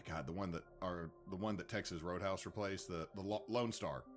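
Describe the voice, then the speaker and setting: Lower-voiced man in rambling podcast banter. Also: moderate pace, over music. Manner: rambling, stumbles and restarts, trivia-loving banter. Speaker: podcast co-host. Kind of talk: casual chat.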